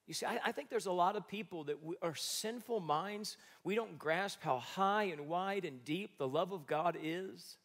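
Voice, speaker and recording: A male pastor preaching a sermon, animated, swinging between loud emphatic bursts and soft asides, joking with the congregation. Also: high-pitched, normal speed, few pauses.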